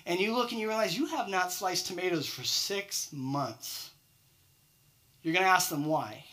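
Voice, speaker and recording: A man's voice: sits high, very animated, normal speed, bright, forceful tone. A man preaching a sermon, firing off rhetorical questions and acting out quoted excuses. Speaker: pastor.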